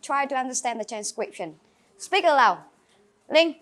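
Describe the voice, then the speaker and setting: A woman's voice: high voice, animated, moderate pace, a bit bright. A woman with a Vietnamese accent teaching an English grammar lesson in a classroom, calling on students and praising answers.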